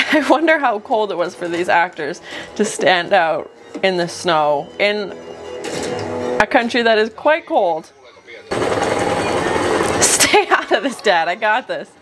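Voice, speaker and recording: A woman's voice: mid-range voice, sing-song, slow pace, long pauses. A young woman giving casual, chatty reaction commentary while watching a movie, with frequent gasps and jokey asides. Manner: chatty, exclaims and gasps often; jokey asides, mock quoting characters. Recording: movie soundtrack music behind. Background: movie music.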